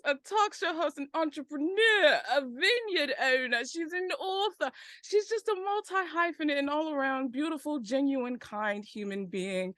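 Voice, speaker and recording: A woman's voice: high-pitched, lively intonation, moderate pace, few pauses, a bit bright, no echo, clean studio sound. A woman hosting a podcast, chatting casually in a bubbly, effusive way with a little Southern slang. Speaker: podcast host. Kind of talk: casual chat.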